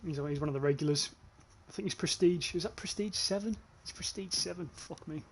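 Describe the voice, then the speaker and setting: Young man, northeast English accent, gaming livestreamer, casual chatty commentary, swears, restarts phrases, slightly high voice. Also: brisk, husky. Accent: northeast English, near North Yorkshire. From northeast England. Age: young adult. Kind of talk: casual live gameplay commentary.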